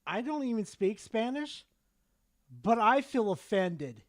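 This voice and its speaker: A man's voice: sits high, very animated, slow, no room sound. A man streaming a reaction to a video, swearing often and mocking what he hears with exasperated bluntness. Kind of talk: profane reaction commentary.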